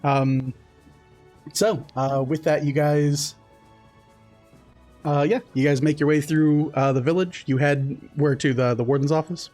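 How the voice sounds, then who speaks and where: A man's voice: on the high side, fairly even intonation, measured pace, pauses often, a little mellow, soft background music. A man narrating as game master of a tabletop game, loose and laughing, with many fillers.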